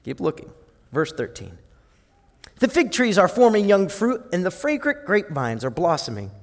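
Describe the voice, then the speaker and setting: A male pastor preaching a sermon in an animated way, swinging from loud and lively to soft and low. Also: moderate pace. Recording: long hall reverb.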